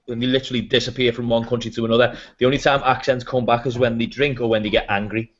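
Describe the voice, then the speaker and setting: A man's voice: mid-range voice, level tone, quick pace. A man hosting a casual podcast, chatty and rambling with plenty of fillers. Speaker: podcast host. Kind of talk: casual chat. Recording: dull lo-fi web broadcast audio.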